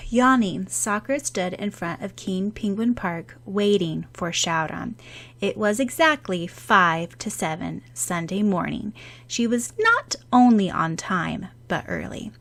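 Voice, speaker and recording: A woman narrating a fan-fiction audiobook in an even, steady storytelling way. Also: mid-range voice, a little slow.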